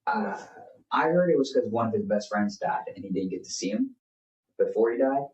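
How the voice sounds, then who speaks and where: A man's voice: mid-range voice, very animated, normal speed, a little mellow, muffled recording. A young man, a podcast co-host, talking earnestly in a rambling, casual way with many fillers. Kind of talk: casual faith chat. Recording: roomy, distant mic.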